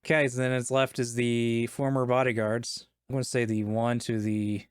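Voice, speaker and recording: A man's voice: medium pitch, level tone, moderate pace, clean tone, no room sound, studio quality. A man as game master, casually narrating combat and explaining the rules.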